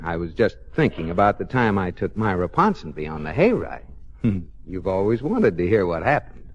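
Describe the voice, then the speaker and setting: A wry, good-natured husband in a vintage radio comedy, a lowish voice that swings wildly in pitch as he jokes. The sound is muffled, with a faint hiss behind it. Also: big pitch swings, normal speed. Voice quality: dry, joking. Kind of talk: 1950s radio sitcom acting.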